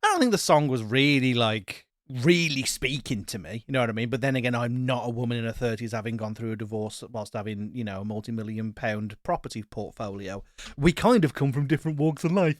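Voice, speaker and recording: A man's voice: mid-range voice, fairly quick, few pauses, no echo, clean studio sound. A man co-hosting a podcast, reviewing an album in a casual, blunt and joking way, swearing now and then. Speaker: podcast co-host.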